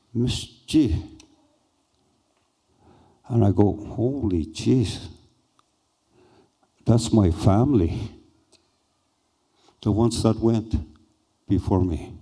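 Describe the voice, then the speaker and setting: An older man slowly and haltingly recounting a personal experience as a speaker at a conference. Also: lowish voice, warm tone. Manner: slow, halting, reflective. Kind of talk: personal storytelling.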